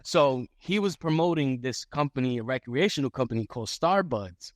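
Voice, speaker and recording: A man tells a story as a podcast guest, animated and foul-mouthed, with his pitch climbing and swooping as he acts out the scenes. He talks at a middle pitch into a close mic with a dry, dead sound. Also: moderate pace, dry recording. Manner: animated, profane, acts out quotes. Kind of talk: casual storytelling chat.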